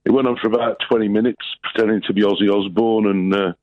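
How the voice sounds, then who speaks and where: Low-voiced laid-back man on dull line. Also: fairly even intonation, fast, no echo. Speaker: co-presenter. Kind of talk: casual radio chat.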